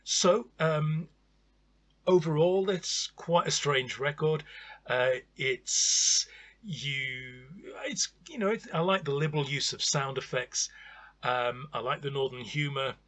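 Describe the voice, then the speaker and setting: A man's voice: fairly high pitch, slow, fairly bright tone. A man casually reviewing an odd old comedy record, chatty and wry, with lots of ums and uhs.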